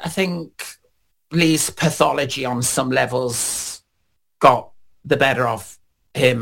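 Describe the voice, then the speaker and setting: Middle-aged male interviewee, gravelly, slow, rambling raconteur. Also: mid-range voice. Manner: slow, rambling, many fillers, animated when quoting others. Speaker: interviewee, singer. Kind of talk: casual interview storytelling.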